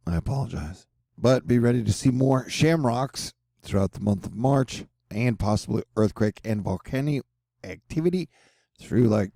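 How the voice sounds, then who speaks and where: A man's voice: medium pitch, gravelly, warm tone, no room sound, clean studio sound. A man hosting a casual weather forecast over a map, rambling and joking with slang asides. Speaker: weather channel host.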